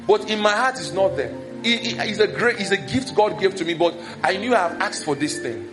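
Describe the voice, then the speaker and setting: Animated Nigerian pastor preaching. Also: male voice, sits high, fairly quick, few pauses, music in the background. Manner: animated, acts out scolding and village gossip in raised voice. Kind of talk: sermon.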